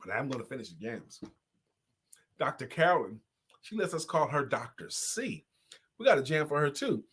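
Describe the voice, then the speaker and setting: A middle-aged man hosting a live stream, playfully giving viewers shout-outs with short improvised sung and rapped jingles and frequent laughter. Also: medium pitch, very animated, moderate pace, husky. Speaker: host.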